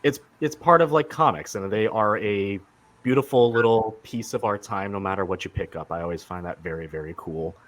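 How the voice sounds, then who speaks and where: A man's voice: lowish voice, a little fast, fairly bright tone. A man hosting a casual podcast chat about comics, enthusiastic and rambling with many fillers and restarts. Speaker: podcast host.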